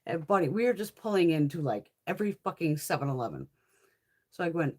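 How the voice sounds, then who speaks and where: A woman's voice: lowish voice, sing-song, brisk. A woman from Connecticut chatting as a beauty haul vlogger, telling a story casually, swearing constantly and laughing as she talks. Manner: swears constantly, laughs through her stories.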